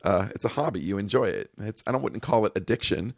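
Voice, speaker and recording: A man's voice: on the low side, lively intonation, fast talker, creaky, dry recording, studio quality. A man co-hosting a podcast in casual chat, easygoing and reassuring, full of fillers. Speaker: podcast co-host.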